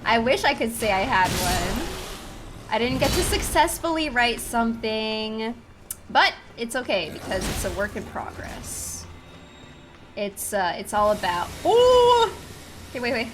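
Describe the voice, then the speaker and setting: A young woman with a slightly high voice chats with her viewers during a gaming stream, giggling and poking fun at herself. She speaks at an unhurried, drawn-out pace over a desk mic. Game music plays clearly behind her. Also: expressive. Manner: giggly and self-deprecating, chatting to chat. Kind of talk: casual chat with viewers while gaming. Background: video game music.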